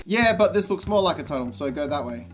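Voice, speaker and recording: Man, sarcastic game commentary, exasperated deadpan asides, very animated pitch. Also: fast talker, over music.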